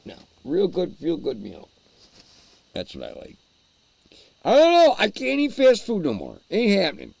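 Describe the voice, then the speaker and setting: A man's voice: on the high side, wildly swooping pitch, normal speed, creaky, husky, dry recording. A man hosting a casual livestream, rambling and chuckling as he answers his chat while eating. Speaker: livestream host.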